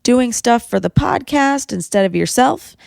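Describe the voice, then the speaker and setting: A woman hosting a podcast, chatting in a bubbly, chatty way that is quick to laugh, recorded in a studio. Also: on the high side, expressive, creaky, a little mellow, no room sound. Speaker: podcast host. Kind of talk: casual chat.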